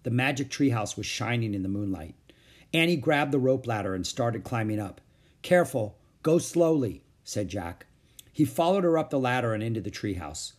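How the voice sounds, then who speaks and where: A man reading a children's chapter book aloud, narrating gently and expressively. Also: fairly low pitch. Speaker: audiobook reader. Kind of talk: storybook read-aloud narration.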